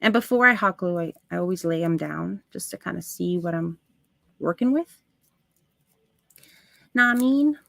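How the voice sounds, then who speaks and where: A woman hosting a live crafting stream, chatting to her viewers as she works, with soft asides under her breath. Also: on the low side, expressive, normal speed, gravelly, long pauses, dry recording. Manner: talks to chat viewers while working, soft asides. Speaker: craft livestream host.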